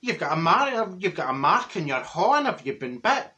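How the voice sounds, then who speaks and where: A man's voice: sits high, big pitch swings, normal speed, sharp tone, exaggerated voice. A man playing a cheeky, blunt older woman from Glasgow with a Glaswegian accent, rambling through a gossipy comic monologue and laughing at his own jokes.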